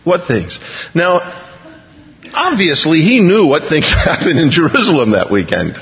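A man preaching a sermon, retelling scripture in a lively, jokey way and acting out the dialogue in little voices. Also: fairly high pitch, normal speed. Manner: animated, jokey, voices the characters in scenes. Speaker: pastor. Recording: dull sound with long hall reverb.

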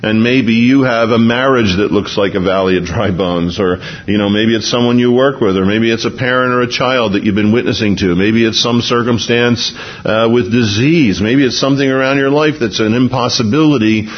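Pastor, male, husky voice, conversational sermon delivery, dull lo-fi radio sound. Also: medium pitch, normal speed, hardly any pauses. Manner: conversational, with restarts and chuckles. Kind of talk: expository sermon.

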